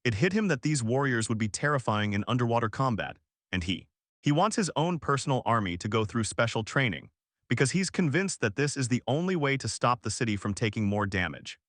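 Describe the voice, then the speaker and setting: A man's voice: medium pitch, sing-song, brisk, a bit bright, no room sound, studio quality. A man narrating a story recap in a casual, punchy, slangy way, sometimes restarting a word.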